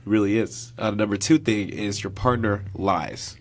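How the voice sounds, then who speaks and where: A man's voice: fairly low pitch, moderate pace. Easygoing young man radio co-host. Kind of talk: casual studio chat. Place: college radio studio.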